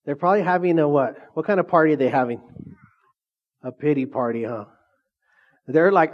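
Man, pastor, sermon, call-and-response questions, fairly high voice, dull lo-fi sound. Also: brisk, long pauses.

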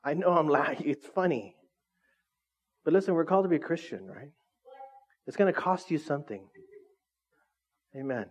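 A man's voice: fairly high pitch, expressive, moderate pace, pauses often. A middle-aged man preaching a casual sermon as lead pastor of a small church, conversational and self-deprecating, often checking in with the congregation.

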